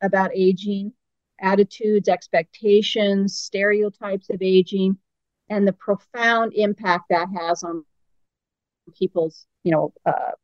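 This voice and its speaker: A woman's voice: medium pitch, steady tone, slow pace, no room sound. A woman guest on an interview, explaining her ideas earnestly and building her points through strings of questions. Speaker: guest expert on active aging. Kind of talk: conversational interview. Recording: slightly dull lo-fi audio.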